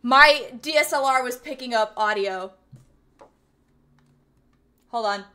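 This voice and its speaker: Bright-voiced high young woman streamer. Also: takes it slowly. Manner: playful, swearing, laughing, reading chat aloud. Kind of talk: casual livestream chat.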